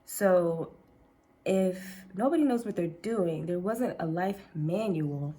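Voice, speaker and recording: Her voice is on the low side, mellow and animated but slow, as she chats casually with viewers while getting ready at home. She laughs often and calls them "girl," moving from the kitchen to upstairs.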